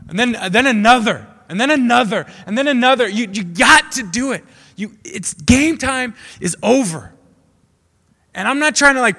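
A young man gives a sermon in casual slang, moving between hushed asides and loud, pleading prayer. His voice is high and bright. It rings out through a big reverberant hall. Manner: swings from hushed to shouting prayers. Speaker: youth preacher.

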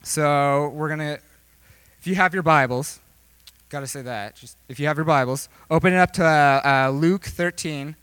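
A man's voice: a little high, normal speed, fairly bright tone, smooth, dry recording. A young man preaching a casual, joking sermon, rambling with lots of fillers. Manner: rambling, filler-heavy, jokey. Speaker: youth preacher.

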